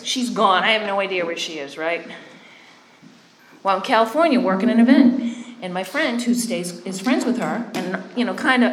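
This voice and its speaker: A woman gives a personal recovery testimony in a loose, conversational way. She is candid and pokes fun at herself, and keeps checking in with her listeners. Her voice sits at a middle pitch, with a roomy echo around it and faint noise in the background. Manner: candid and self-deprecating. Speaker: speaker sharing a recovery story. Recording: echoey room.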